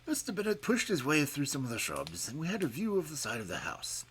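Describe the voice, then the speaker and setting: A man narrating a detective story, expressive and dropping to a hush at tense moments. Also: fairly high pitch, brisk, a little hiss or hum.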